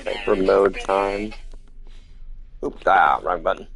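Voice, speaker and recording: A man giving low-key, casual commentary while playing a video game on stream, muttering to himself as he goes. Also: fairly even intonation, slow pace, creaky, fairly bright tone. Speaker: gaming streamer.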